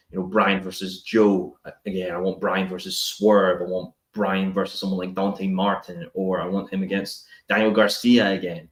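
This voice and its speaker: An animated man with a fairly low voice, co-hosting a casual podcast chat. He lays out his ideas step by step in an opinionated way. His voice rings with a noticeable room echo. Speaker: podcast co-host.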